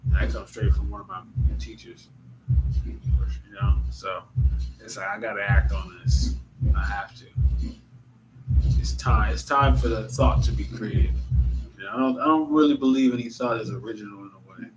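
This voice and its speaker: A vlogger with a fairly low-pitched voice talks at a moderate pace, casually and reflectively, sounding a little tired as he calls his viewers y'all. Loud music plays behind him, and the recording is low quality.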